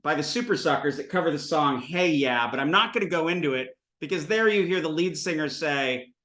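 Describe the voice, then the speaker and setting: Man in his 30s, Sanskrit lecturer, lively and digressive, bright voice, acts out examples. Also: fairly high pitch, brisk, echoey room. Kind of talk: informal classroom lecture. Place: classroom with students.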